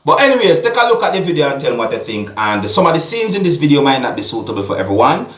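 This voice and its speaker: A man with a Jamaican accent giving casual video commentary as a vlogger, often checking in with the listener through quick tag questions. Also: a little high, big pitch swings, a bit bright. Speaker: vlogger commenting on a viral clip. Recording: echoey room with faint music.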